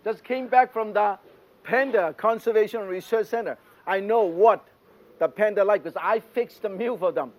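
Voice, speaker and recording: An older man hosting a cooking show, cheerfully walking through a stir-fry and chatting as he shops, in slightly non-native English. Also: sits high, darkish tone. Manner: enthusiastic, exclaiming and chatty. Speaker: celebrity chef and host.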